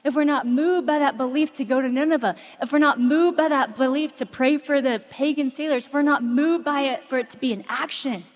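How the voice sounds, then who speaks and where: A woman preacher giving a passionate sermon to a large crowd, telling stories and dropping into soft, intense moments. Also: high voice, brisk, hardly any pauses. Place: large arena before thousands. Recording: long hall reverb.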